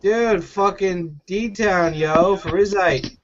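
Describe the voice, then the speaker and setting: A man's voice: high voice, slow, lo-fi sound, noisy background. A man in casual group chat, swearing heavily and rambling while searching for words.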